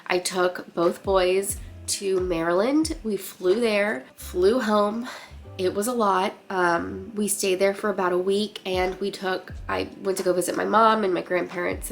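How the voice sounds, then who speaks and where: Congested young woman, soft chatty vlog. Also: on the low side, creaky. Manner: chatty, lots of fillers like "like" and "um"; keeping her voice down. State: congested, nasal. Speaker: vlogger. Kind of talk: casual pregnancy update vlog. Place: guest room at home.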